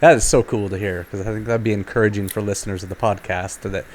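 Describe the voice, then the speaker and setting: A man's voice: on the low side, steady tone, quick pace, slight background noise. A man hosting a podcast, chatting in a reflective and encouraging way. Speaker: podcast host. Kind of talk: casual chat.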